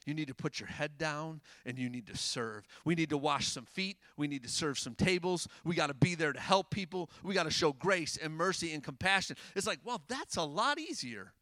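A man preaching a sermon in a casual, animated way, rising to loud emphasis and dropping to hushed tones. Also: on the high side, brisk, few pauses, no room sound.

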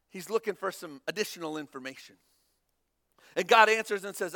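Man, young adult, pastor, sermon, high voice, animated, acts out Bible dialogue. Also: moderate pace, gravelly.

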